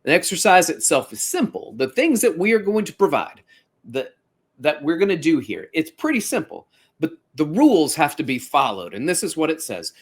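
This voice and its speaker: Animated man hosting a fitness podcast. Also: fairly high pitch, moderate pace, husky. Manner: animated, conversational, with playful asides. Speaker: podcast host. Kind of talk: casual podcast monologue.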